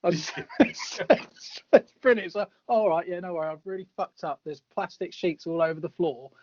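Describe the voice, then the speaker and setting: A man's voice: high voice, moderate pace. A man co-hosting a podcast, chatting casually about a film and laughing often. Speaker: podcast co-host. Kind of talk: casual film review chat. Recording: dry, muffled podcast audio.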